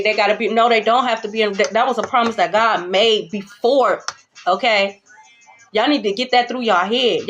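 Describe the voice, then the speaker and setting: A woman giving a spiritual tarot reading to her viewers, blunt and profane, swinging between calm reassurance and heated calling-out. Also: medium pitch. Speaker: tarot reader. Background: background music.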